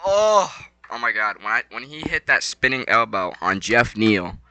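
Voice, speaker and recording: A young man rambling casually about a fight night, excitable and slangy, swinging between low mumbles and loud bursts. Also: moderate pace, dry recording, poor audio. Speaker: vlogger.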